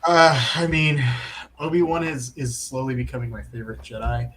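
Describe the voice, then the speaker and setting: A man's voice: mid-range voice, normal speed, a bit bright, rough recording. A man co-hosting a movie talk show, earnest and hesitant in casual chat. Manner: earnest, hesitant, many fillers. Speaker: podcast co-host.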